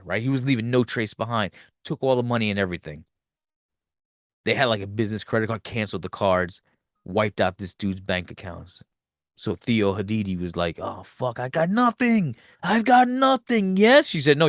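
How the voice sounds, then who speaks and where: A man hosting a podcast, retelling a film's plot in a loose, profane, animated way and acting out the characters' lines. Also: on the low side, no room sound, clean studio sound. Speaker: podcast host. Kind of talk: casual movie recap.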